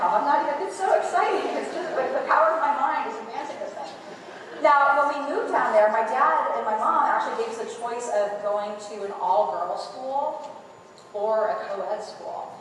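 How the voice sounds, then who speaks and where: A woman's voice: sits high, noisy background. An American woman giving a chatty, self-mocking storytelling lecture to students, laughing often. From United States. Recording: echoey hall recorded from far off.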